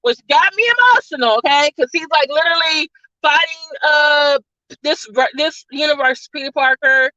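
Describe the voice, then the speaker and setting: High bright-voiced woman reviewing a movie. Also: moderate pace, dry recording, lo-fi sound. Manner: rambling, full of "like" and "all of a sudden". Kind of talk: casual spoiler-filled plot recap.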